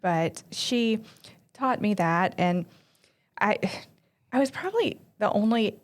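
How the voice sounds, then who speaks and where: A woman from Arkansas, a pastry chef guest, telling her story in relaxed conversation. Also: mid-range voice, takes it slowly. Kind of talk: casual interview chat.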